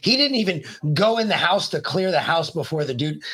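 A man co-hosting a podcast, telling stories in a profane, animated way. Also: fairly high pitch, fairly quick, breathy edge. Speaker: podcast co-host. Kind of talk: casual chat.

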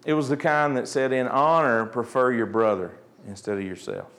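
A man preaching a sermon, swinging between joking asides and quiet, earnest points. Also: medium pitch, moderate pace. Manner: animated preaching, jokey asides, drops to quiet earnest tones. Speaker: pastor.

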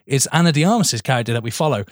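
Racing along in an expressive, medium-pitched voice, this man co-hosts a podcast with casual, enthusiastic film chat. Swearing comes often, as does calling his friend "mate." No echo, studio quality.

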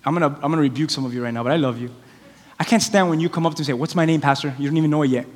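High-voiced pastor preaching in a hall. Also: male voice, very fast. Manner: animated storytelling, acting out quoted voices. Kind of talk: sermon. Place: church sanctuary. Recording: long hall reverb.

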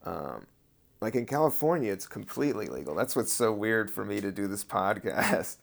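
A man hosting his own podcast as a comedian, talking in a loose, meandering way with casual swearing, a little high. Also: expressive, moderate pace, gravelly. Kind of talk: casual rambling podcast monologue.

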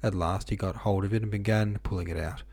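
A man narrating a novel aloud in a steady, even reading manner with small slips. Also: on the low side, quick pace, creaky, no echo. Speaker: audiobook reader.

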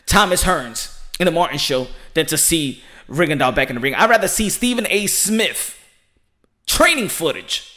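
A fairly high-voiced man riffs through a boxing podcast from a room at home. He talks in an excitable, slangy rush, circling back to "ladies and gentlemen" again and again. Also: moderate pace. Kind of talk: animated boxing commentary monologue. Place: home room with children nearby. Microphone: home setup.

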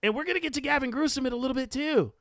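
A man hosting a podcast, delivering an indignant, loud, mocking political commentary rant. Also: very high voice, racing, dry recording, clean studio sound. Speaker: podcast host.

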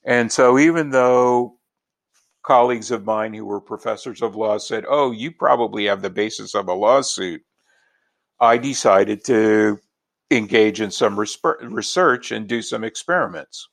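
A man from Los Angeles, a professor, answering interview questions in a measured, explanatory way. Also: lowish voice, creaky. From Los Angeles, United States. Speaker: linguistics professor.

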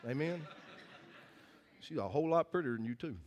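Earnest pastor preaching a sermon. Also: male voice, on the high side, normal speed, a little mellow. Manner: earnest, folksy, repeats and restarts phrases. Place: church hall with congregation.

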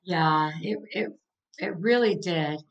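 A woman's voice: on the low side, takes it slowly, dull audio. A middle-aged woman, an author and coach, talking as a podcast guest in an earnest, heartfelt way with many "like" fillers. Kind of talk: casual interview conversation.

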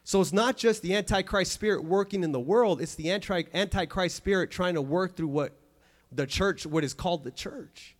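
A man's voice: high-pitched, normal speed. A man preaching a sermon in church, earnest and emphatic, often restarting and repeating phrases.

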